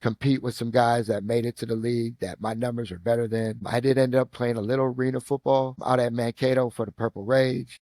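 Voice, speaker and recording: A middle-aged man with a Midwestern American accent shares football stories as a podcast guest, speaking at a medium pitch. He is an animated storyteller, and the recording is dry and close. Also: fairly quick, hardly any pauses, dry recording. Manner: animated storyteller, acts out quotes with rising pitch. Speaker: guest, former football player and coach. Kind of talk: casual storytelling interview.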